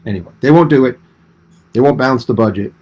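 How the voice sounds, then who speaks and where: A middle-aged man giving emphatic, rapid-fire opinions as a guest commentator on a radio phone-in. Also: medium pitch, highs cut off, slight background noise.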